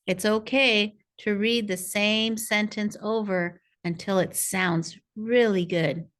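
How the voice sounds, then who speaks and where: Woman reading coach, talks slow and patient, encouraging teacher vibe. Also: medium pitch, steady tone, fairly bright tone. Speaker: reading coach presenting a parent workshop. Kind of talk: scripted instructional narration.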